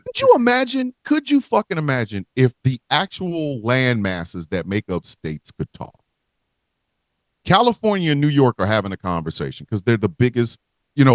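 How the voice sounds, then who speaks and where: A man co-hosting a radio podcast, ranting in crude bursts with plenty of swearing and shouting. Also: medium pitch, dry recording. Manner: loud, profane, shouting bursts. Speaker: podcast co-host. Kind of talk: crude comedic rant.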